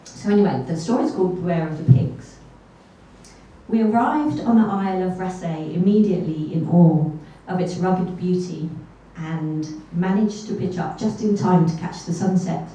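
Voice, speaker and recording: A woman's voice: on the low side, moderate pace, dark tone. A woman telling a true story on stage at a live event, chatty and self-deprecating, with little asides. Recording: echoey hall from far off.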